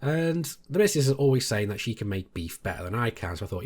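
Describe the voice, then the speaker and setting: A British man, a gaming YouTuber, telling a story to his viewers in a casual, animated way. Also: fast. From Britain. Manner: animated, jumps much higher when quoting others.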